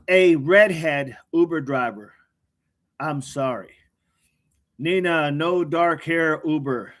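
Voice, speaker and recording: Male livestream host, fairly high voice, unhurried, reads chat names aloud and quips back. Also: fairly bright tone. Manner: reads viewer comments aloud by name, joking and quick responses. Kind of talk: casual live chat.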